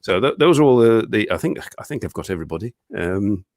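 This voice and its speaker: A man's voice: on the low side, lively intonation, quick pace, darkish tone, no echo, studio quality. A man with a British English accent hosting a casual live-stream interview from his living room, chatty and rambling and often laughing. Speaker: show host.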